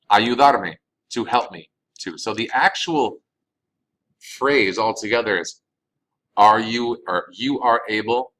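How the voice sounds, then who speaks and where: A man with a somewhat low voice teaches a recorded lesson. He reads each phrase slowly and then explains what it means, in a patient, steady classroom manner. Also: poor audio. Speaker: Spanish teacher.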